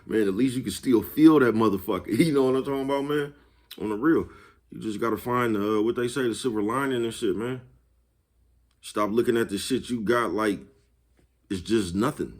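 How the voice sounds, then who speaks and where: A man with a fairly low voice, talking to camera in a loose, slangy monologue. He swears freely, laughs between points, and keeps checking that you follow his meaning. It has the easy rhythm of a casual motivational vlog. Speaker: vlog host.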